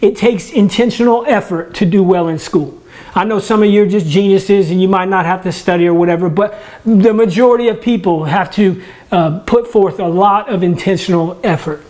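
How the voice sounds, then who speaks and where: A man's voice: sits high, normal speed, darkish tone. Guy doing a laid-back sermon from his house, chatty, keeps restarting his words, pokes fun at himself. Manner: conversational, restarts words, self-deprecating humor. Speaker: church ministry director. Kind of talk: casual home-recorded sermon. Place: his own home, indoors.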